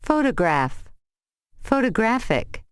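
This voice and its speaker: Woman enunciating practice words brightly. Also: on the high side, sing-song, slow pace, dry recording, studio quality. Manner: clear, careful enunciation. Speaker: model reader for pronunciation drills. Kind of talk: pronunciation drill reading.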